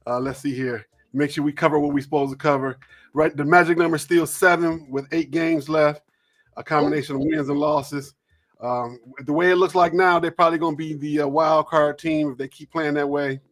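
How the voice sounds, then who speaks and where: A man's voice: fairly high pitch, fairly even intonation. A man hosting a live sports talk show, chatting loosely with many ums and repeated words. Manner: loose, repetitive, fills pauses with uh.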